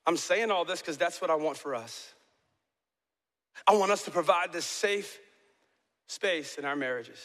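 A middle-aged man preaching a sermon as pastor in a large church, swinging from impassioned shouts to soft, intimate talk. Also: fairly high pitch, expressive, a little slow, pauses often. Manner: passionate, builds to shouting then drops to soft and intimate. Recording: long reverb of a large hall.

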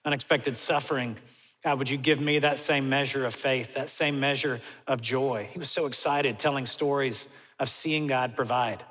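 Bright-voiced man, sincere reflection. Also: mid-range voice. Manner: sincere, thoughtful. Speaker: friend reflecting on the story. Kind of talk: reflective testimony. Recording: echoey with long reverb.

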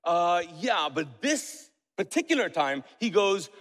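A high-voiced male pastor delivers a lively sermon, quizzing his congregation and slipping in jokes. His voice rings out with the long reverb of a church hall. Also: takes it slowly, hardly any pauses. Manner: lively, asks the congregation questions, joking asides.

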